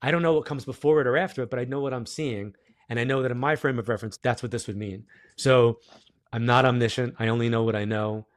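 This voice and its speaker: A middle-aged man, a guest on a podcast, who tells stories in a casual, animated way and acts out the quoted dialogue. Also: mid-range voice, fast, no room sound, studio quality. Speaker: guest psychic medium. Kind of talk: casual storytelling interview.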